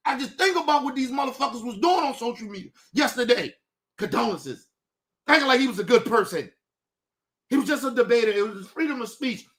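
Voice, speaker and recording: A male show host giving a heated, profane commentary rant, swinging from low muttering to shouting.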